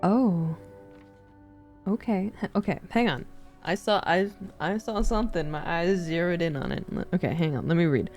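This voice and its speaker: A woman's voice: on the low side, expressive, moderate pace, a little mellow, faint music behind. A young woman casually commenting on a game she plays, laughing and swearing, and reading in-game letters aloud. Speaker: streamer playing a game.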